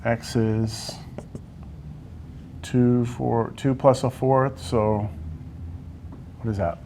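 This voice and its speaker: Extremely slow and slightly mellow, this male math teacher's medium-pitched voice barely moves in pitch. He lectures in a classroom, working problems and coaxing answers from students with repeated "right?", against slight background noise.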